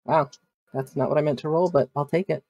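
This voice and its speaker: Halting game master narrating, dry sound. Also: male voice, a little high, steady tone, darkish tone, dry recording. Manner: halting, full of fillers and restarts as he narrates.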